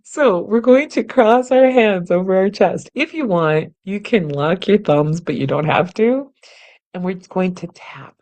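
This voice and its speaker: On camera from a chair in her home studio, a singing teacher hosts a somatic exercise lesson in an unhurried way. Her medium-pitched voice has a darkish tone and lively intonation. She keeps it playful, laughing frequently and demonstrating the exercises with vocal sounds.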